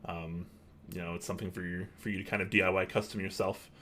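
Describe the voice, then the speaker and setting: A man's voice: low-pitched, flat delivery, quick pace, sharp tone, slight background noise. A man co-hosting an online show, chatting casually and rambling with many fillers while reading viewer questions. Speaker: podcast co-host.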